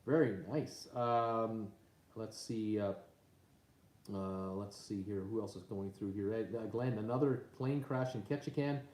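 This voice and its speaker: This man's voice sits on the low side, a little mellow, moving at a measured pace. He's hosting an easygoing live stream at home on his tablet and reads comments aloud with many uhs and ums. Recorded on the tablet mic in a room full of echo.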